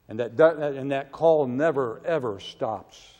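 A man preaching a sermon with emphatic delivery, his voice swelling loud and falling low. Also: a little slow, muffled recording. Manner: emphatic, rising to loud cries on quoted prayers, then dropping low. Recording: long reverb of a large hall.

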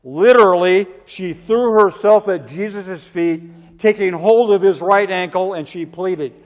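A man delivers a sermon in a slightly high voice. He swings between loud, pleading outbursts and soft, hushed asides. A long hall reverb trails behind every phrase. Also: unhurried. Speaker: preacher.

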